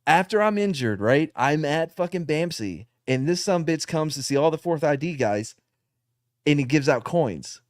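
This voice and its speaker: A man's voice: on the high side, normal speed, no room sound, studio quality. A man co-hosting a casual talk show, telling a story with lots of swearing, laughing and acting out other people's voices. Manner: animated storyteller, acts out voices, laughs often. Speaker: podcast co-host, veteran.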